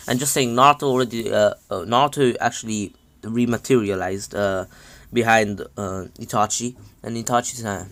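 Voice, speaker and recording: A man's voice: lowish voice, fairly even intonation, moderate pace, creaky, fairly bright tone. A man casually recapping a fan story, hesitant, with many fillers and self-corrections. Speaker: channel host.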